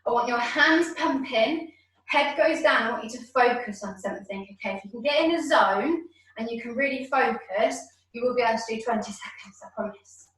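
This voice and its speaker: Over a video call, a woman runs an online workout from her home, encouraging everyone and counting out reps, occasionally short of breath. She speaks fairly quickly in a slightly high, somewhat bright voice with lively intonation. The sound comes from far off in a very echoey room.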